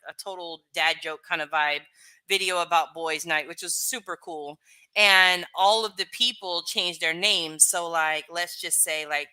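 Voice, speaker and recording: A woman's voice: lowish voice, bright, forceful tone, smooth. A woman live streamer chatting casually with her viewers, rambling and full of fillers.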